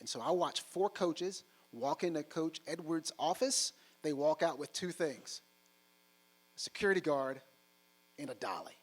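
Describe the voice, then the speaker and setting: A man in his forties giving a humorous storytelling talk on stage, animated and acting out other people's voices. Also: on the high side, unhurried, low-quality recording. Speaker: keynote speaker. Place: on stage before a live audience.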